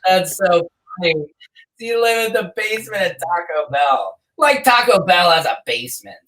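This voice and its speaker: A man hosting a podcast, laid-back and quick to laugh in casual chat. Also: sits high, expressive, fairly bright tone, distant mic, rough recording. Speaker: podcast host.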